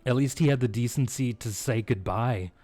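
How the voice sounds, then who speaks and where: A man of middle pitch talks loosely with his viewers during a live game stream. He swears freely, jokes around and laughs a lot, with soft music playing underneath. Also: moderate pace. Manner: crude, joking, laughs often. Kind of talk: casual live-stream chat.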